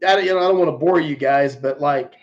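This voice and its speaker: A man's voice: fairly high pitch, quick pace. A man hosting a live stream, telling stories in a blunt, profane way. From United States. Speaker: livestream host. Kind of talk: casual live stream chat. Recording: muffled stream audio.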